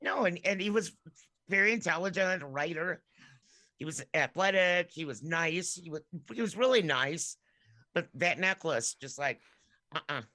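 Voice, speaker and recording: A woman's voice: lowish voice, lively intonation, moderate pace, bright, forceful tone, dry recording. A woman co-hosting a podcast in casual chat, easygoing and giggly, often trailing off mid-thought. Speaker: podcast co-host.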